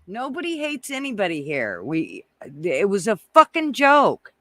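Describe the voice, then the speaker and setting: A man's voice: sits high, huge pitch swings, a little slow, bright, forceful tone, no echo. A man hosting a casual livestream, chatting with viewers in a rowdy, profane way, laughing often and swearing freely. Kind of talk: casual live chat. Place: indoors, hot weather, near an RV.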